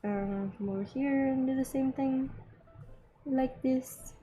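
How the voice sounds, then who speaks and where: A young woman hosting an art channel, chatting casually and excitedly while she draws, rambling with lots of little gasps. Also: sits high, slow. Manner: bubbly, easily excited, rambling. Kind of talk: casual chat while drawing.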